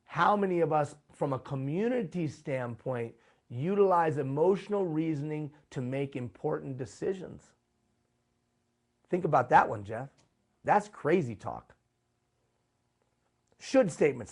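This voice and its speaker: A man's voice: fairly high pitch, animated, unhurried, long pauses. A man presenting a live workshop, talking emphatically and putting rhetorical questions to his audience. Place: live event room.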